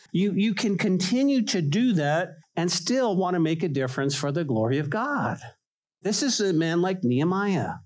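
A man preaching a sermon in a voice that sits on the higher side for a man. He talks to his congregation in a conversational, emphatic way and leans on repetition to drive his points home. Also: poor audio. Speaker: pastor.

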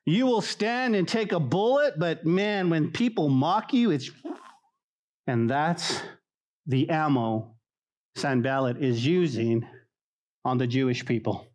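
A man preaching a sermon to a congregation, animated and conversational, acting out the voices he quotes. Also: on the high side, slow pace. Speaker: pastor. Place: church hall.

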